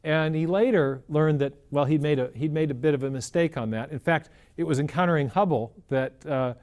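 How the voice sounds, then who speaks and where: A man's voice: fairly high pitch, fairly quick, a little mellow. A man answering in an interview, explaining and telling a story earnestly, often repeating words as he thinks. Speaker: guest explaining science.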